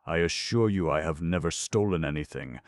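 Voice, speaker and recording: A man with a very deep voice playing a mild middle-aged male doctor who reasons calmly and apologetically, in an audiobook reading. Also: moderate pace, dry recording, clean studio sound. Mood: placating.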